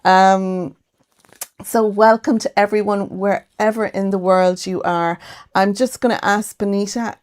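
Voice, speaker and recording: A woman's voice: lowish voice, darkish tone. An Irish woman hosting a casual craft livestream from her home craft room, chatting and greeting viewers by name. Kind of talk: casual live-stream chat.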